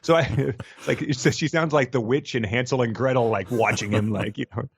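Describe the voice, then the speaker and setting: A man's voice: mid-range voice, a little fast, slightly rough. A man co-hosting a podcast in casual chat, wry and rambling, laughing often. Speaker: podcast co-host.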